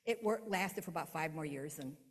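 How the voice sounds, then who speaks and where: A middle-aged woman tells her faith testimony with plain earnestness. Her voice dips low and hushed at times, then rises to an emphatic pitch, and it rings with a long reverb as if in a large hall. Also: brisk. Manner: earnest storytelling, swings between hushed and emphatic. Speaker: testimony speaker.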